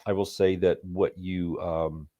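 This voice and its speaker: A man's voice: deep voice, flat delivery, takes it slowly, mellow. A man who is sick, chatting casually and thoughtfully about art with digressions. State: sick, rough voice. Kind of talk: casual chat.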